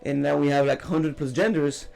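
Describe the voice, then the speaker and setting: A man's voice: a little high, fairly even intonation, moderate pace, gravelly, darkish tone, soft background music. A man from France with a French accent, co-hosting a casual podcast chat in English and thinking aloud with many restarts. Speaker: podcast co-host.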